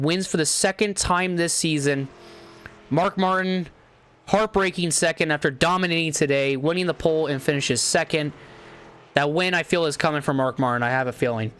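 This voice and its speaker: A young man who has nearly lost his voice, calling and recapping a race with excitable, repeated exclamations. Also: a little high. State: hoarse, losing his voice. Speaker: race commentator and channel host. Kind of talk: play-by-play race commentary and recap.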